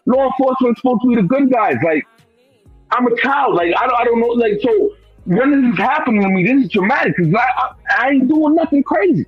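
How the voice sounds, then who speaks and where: Husky high-pitched New man. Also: animated, brisk, dry recording, highs cut off, faint music behind. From Brooklyn, New York. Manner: profane, streetwise, peppered with "bro" and "you know what I'm saying". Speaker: guest. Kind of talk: casual storytelling.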